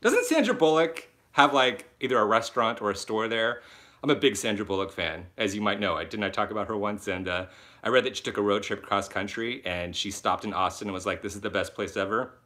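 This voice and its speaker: A young man hosting his first live stream from his phone, chatty and excitable, laughing often as he reads out viewer comments. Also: lowish voice, fairly quick. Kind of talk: casual live-stream chat.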